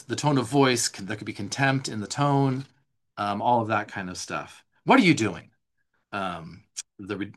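A man's voice: mid-range voice, a bit bright. Man teaching a loose live workshop. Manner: conversational, loose, with frequent "like" and restarts; talks a worksheet through line by line. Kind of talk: live online teaching session.

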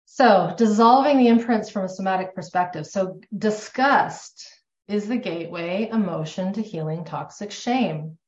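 A woman's voice: medium pitch, a little slow, darkish tone. A woman teaching a class on somatic therapy in a conversational way, correcting herself as she goes. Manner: conversational, self-correcting, acts out quoted remarks. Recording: echoey room, dull lo-fi sound.

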